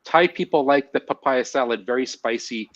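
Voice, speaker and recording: A man's voice: mid-range voice, moderate pace. Guy hosting a live stream, chatty, reads the chat out, kinda dull lo-fi sound. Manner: chatty, laughs at himself, reads viewer comments. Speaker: host of a live show.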